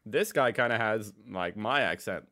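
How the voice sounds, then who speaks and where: Young American guy, low-pitched, relaxed reaction host, laughs a lot. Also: normal speed, slight background noise. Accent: General American. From United States. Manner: relaxed, musing, self-deprecating, laughs often. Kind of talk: casual reaction commentary.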